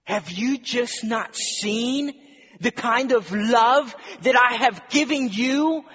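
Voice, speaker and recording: A man's voice: very high voice, takes it slowly, a bit bright, voice pushed up, full character voice. A man voicing an indignant master who cannot believe how ungrateful his servant has been, in a raised, exclaiming voice. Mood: incredulous. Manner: rising, exclaiming, incredulous. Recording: dull recording in a reverberant hall.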